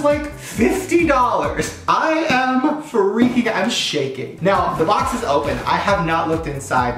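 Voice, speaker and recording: A young man filming a casual unboxing vlog. He is excitable and swears a lot, and often breaks into laughs and gasps. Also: high-pitched. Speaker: vlogger. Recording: roomy echo.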